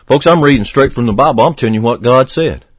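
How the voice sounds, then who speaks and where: A man preaching a fervent radio sermon, swinging from emphatic peaks to hushed, low passages. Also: animated, fast, breathy edge, dry recording.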